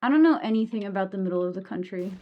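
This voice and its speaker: A woman's voice: mid-range voice, expressive, racing, highs cut off. A young woman streaming a game, tired and yawning, chatting loosely with viewers and swearing often. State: sleepy, yawning. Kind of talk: casual live-stream chat while gaming.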